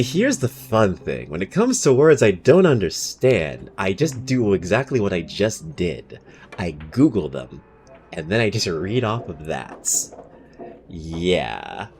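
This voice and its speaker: A young man chatting casually with his viewers while he plays a game. His pitch is very lively, leaping up when he gets worked up and poking fun at himself. Soft game music runs underneath. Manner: animated, self-mocking, swings up into high exclamations. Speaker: streamer and voice actor. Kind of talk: casual live-stream chat while playing.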